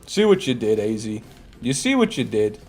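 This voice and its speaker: A man's voice: medium pitch, big pitch swings, normal speed, darkish tone, soft background music. An American man in live gameplay commentary, chatting with viewers in a joking, swearing way and often laughing. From United States. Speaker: gaming streamer.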